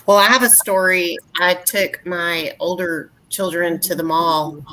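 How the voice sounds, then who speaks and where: Animated woman telling stories. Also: lowish voice, measured pace. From West Texas. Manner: animated storyteller, indignant. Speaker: podcast co-host. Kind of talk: casual chat.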